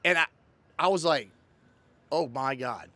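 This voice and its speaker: A man's voice: fairly high pitch, measured pace, sharp tone, no room sound. A man in his thirties hosting a casual recap show, animatedly retelling a story and acting out quotes. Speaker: host.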